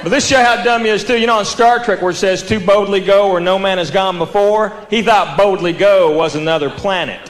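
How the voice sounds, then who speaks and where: A Southern American man doing stand-up, pitched high for a man, with a drawl. He spins stories about his buddies and laughs along with them. The sound is roomy, with a crowd and steady noise behind him. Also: fairly quick, few pauses. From United States. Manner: drawling storyteller, laughs at his own punchlines. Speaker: stand-up comedian. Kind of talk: stand-up comedy routine. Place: theater stage before a live audience. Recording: roomy theater with audience laughter and background noise.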